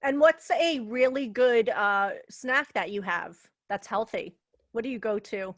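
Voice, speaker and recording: Brief: New woman host, fairly high voice, chatty and playful, close dry sound. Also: measured pace, a bit bright, dry recording. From Brooklyn, New York. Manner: chatty, playful, apologetic asides. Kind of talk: casual interview chat.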